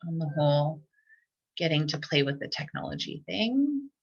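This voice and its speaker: A woman's voice: sits low, big pitch swings, normal speed, vocal fry, slightly rough. Woman walking teachers thru tech on a video call, chatty w lots of ums, kinda dull lo-fi sound. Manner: chatty, filler-heavy, restarts often. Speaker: teacher workshop presenter. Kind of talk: live online tech tutorial. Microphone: computer mic on a video call. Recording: dull lo-fi online call audio.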